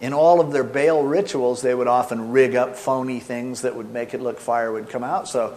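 A middle-aged man preaching a sermon, animated and sarcastic, acting out the scripture quotes as he goes. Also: mid-range voice, normal speed. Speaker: pastor.

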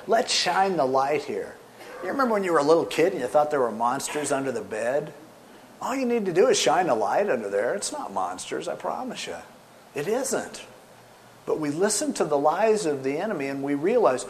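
A man preaching a sermon with animated storytelling, swinging between loud emphasis and soft asides. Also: fairly high pitch, normal speed, slight background noise. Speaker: pastor.

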